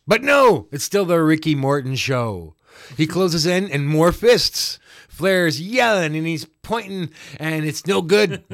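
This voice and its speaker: Animated man recapping a wrestling match. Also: fairly high pitch, dry recording, studio quality. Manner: animated, jokey, acts out the wrestlers' yells. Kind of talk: casual play-by-play chat.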